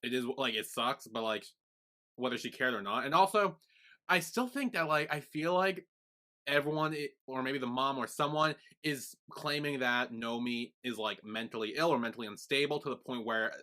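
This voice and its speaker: Bright-voiced man musing casually. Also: mid-range voice, moderate pace. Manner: relaxed, filler-heavy theorizing. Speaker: podcast co-host. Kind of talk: casual chat.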